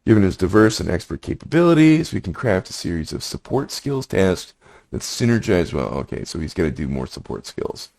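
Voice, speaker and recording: A man's voice: low-pitched, big pitch swings, a little fast, creaky, darkish tone. A man walking through a screen demo, reading generated text aloud and muttering his thoughts between passages. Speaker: prompt engineering instructor.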